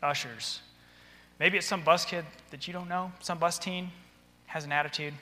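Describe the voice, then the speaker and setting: A man giving a practical training talk to church workers, acting out stern and soft examples as he goes. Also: on the high side, fairly even intonation, moderate pace. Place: church auditorium. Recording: hall reverb.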